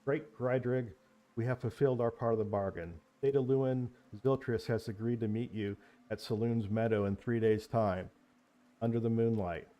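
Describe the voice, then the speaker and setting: A man's voice: mid-range voice, normal speed, dark tone, close to an everyday voice. A man voicing a diplomatic female adventurer in a tabletop game, addressing a dragon formally and courteously.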